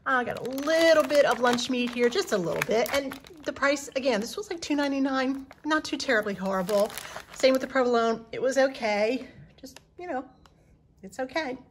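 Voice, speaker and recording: A woman's voice: high voice, moderate pace, a little hiss or hum. A woman, chatting homey and rambling through a grocery haul as a channel host in her farmhouse kitchen. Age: 60s. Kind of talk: casual grocery haul vlog.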